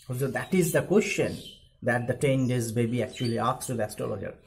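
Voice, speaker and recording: A man's voice: medium pitch, fairly quick, creaky, rough recording. A male English teacher with an Indian accent, reading a story aloud and paraphrasing it for students, with frequent fillers. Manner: reads a passage aloud, then paraphrases with many fillers. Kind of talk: explaining a literature text in a recorded lesson.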